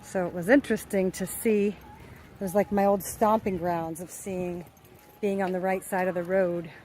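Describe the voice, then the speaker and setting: A woman's voice: lowish voice, fairly even intonation, moderate pace, darkish tone, a little hiss or hum, low-quality recording. A woman from the United States, chatting cheerfully to viewers as she films a travel vlog outdoors. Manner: chatty, upbeat, speaks to viewers. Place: outdoors by the sea.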